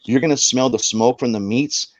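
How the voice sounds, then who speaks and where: A man's voice: medium pitch, moderate pace, a crowd in the background, low-quality recording. A man, a paranormal investigator, telling a story on a talk show, with lots of restarts. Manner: animated storyteller with many restarts.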